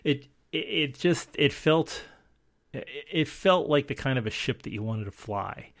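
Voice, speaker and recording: A man's voice: mid-range voice, expressive, a little slow, fairly bright tone. A man co-hosting a casual chat, rambling along with lots of restarts and fillers. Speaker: podcast co-host.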